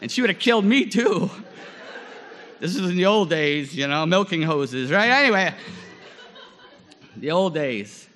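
40s guy giving a chapel talk, bright forceful voice, acts stuff out, lots of uhs. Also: high voice, measured pace, pauses often, long reverb tail. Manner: animated storyteller, acts out scenes, many fillers. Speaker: guest chapel speaker. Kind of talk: storytelling sermon.

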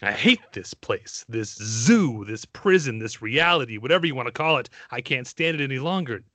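A man performing an impression of a cold, menacing male machine agent who despises humans, with a put-on Australian-New Zealand accent and slow, measured delivery. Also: medium pitch, expressive, a bit bright, no room sound, natural voice. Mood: cold contempt. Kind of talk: dramatic film-monologue impression.

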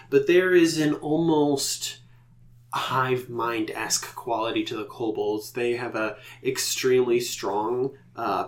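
Game master, a man narrating loosely with lots of fillers. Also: medium pitch. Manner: rambling, many fillers.

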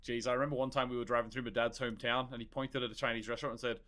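A man's voice: medium pitch, flat delivery, very fast, fairly bright tone. A man co-hosting a podcast in casual, rambling chat, swearing freely. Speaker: podcast co-host.

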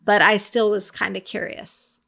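A woman's voice: mid-range voice, flat delivery, unhurried, gravelly, sharp tone. A woman co-hosting a podcast, reflectively retelling book scenes in casual book club chat. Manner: reflective storyteller, retells scenes with quoted thoughts. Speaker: podcast co-host.

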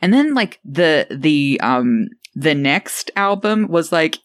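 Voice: medium pitch, lively intonation, slow pace, no echo. Young podcaster rambling along, like every other word, laughs a lot, super dry mic. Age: young adult. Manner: rambling, peppered with "like", laughs often. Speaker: podcast co-host. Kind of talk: casual chat.

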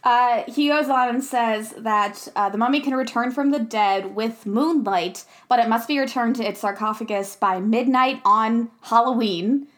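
A woman's voice: a little high, normal speed, few pauses, fairly bright tone. A young woman co-hosting a casual podcast, giggly and eager to quote favorite movie lines. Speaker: podcast co-host. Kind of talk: casual chat recapping a movie.

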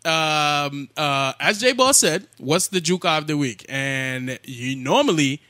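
A man's voice: on the high side, animated, slow, sharp tone, no echo. A man co-hosting a podcast in crude, casual banter, laughing and swearing and stumbling over names. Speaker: podcast co-host.

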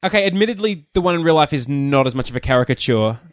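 A man's voice: fairly high pitch, lively intonation, fast talker, dry recording, clean studio sound. A man co-hosting a podcast, chatting casually and rambling through stories with lots of asides. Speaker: podcast co-host. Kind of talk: casual chat.

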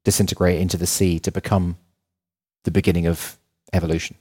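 A man's voice: low voice, slightly rough. A man co-hosting a podcast in casual chat, firing off rhetorical questions one after another. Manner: animated, rapid-fire rhetorical questions. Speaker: podcast co-host.

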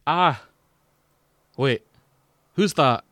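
A man's voice: fairly high pitch, extremely slow, a bit bright, no room sound, pitched above the performer's own voice. A man voicing a drunk, tearful Scottish demolitions man who talks in rambling, slurred bursts, in a put-on Scottish accent.

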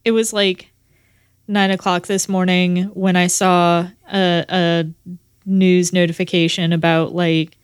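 A woman's voice: lowish voice, flat delivery, takes it slowly, clear, resonant tone, no room sound. A woman co-hosting a casual podcast, with sardonic, dry remarks.

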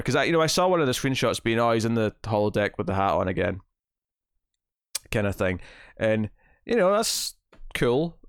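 Male podcast co-host, middle-pitched, animated and rambling, dry close sound. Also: clean tone, no echo. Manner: rambling, animated recapping of episode scenes. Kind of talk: casual chat.

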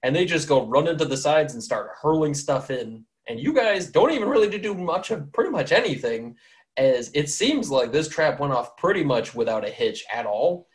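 A man's voice: a little high, very animated, normal speed. A man hosting a tabletop game podcast, narrating casually with many fillers and frequent laughter. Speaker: game master and podcast host.

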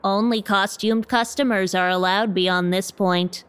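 A woman's voice: mid-range voice, fairly even intonation, measured pace, smooth, voice pushed down, close to an everyday voice. A woman voicing a polite, blank-faced female zombie clerk who talks in stiff, scripted customer-service lines.

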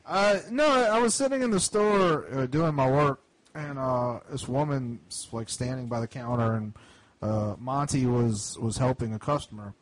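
A man on a comedy podcast telling a rambling story, acting out baffled dialogue with animated outbursts. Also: mid-range voice, moderate pace. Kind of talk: casual storytelling chat.

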